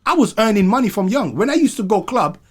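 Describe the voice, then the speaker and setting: A man's voice: high-pitched, big pitch swings, quick pace, slightly rough. A young man from Montserrat, a guest telling his life story in slang-heavy casual chat.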